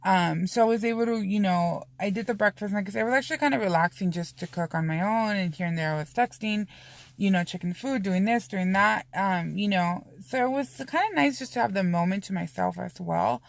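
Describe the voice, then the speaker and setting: A woman talks straight to camera in a loose, confessional vlog, her mid-pitched voice dropping into gravelly fry at the ends of phrases. She rambles openly, swears freely and fills her pauses with "you know" and "um". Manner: candid, rambling, frequent swearing; heavy use of fillers like "you know" and "um". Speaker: vlogger.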